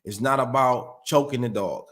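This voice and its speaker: A man's voice: mid-range voice, moderate pace, a bit bright. A man in casual conversation, explaining dog training earnestly and often repeating words as he searches for them.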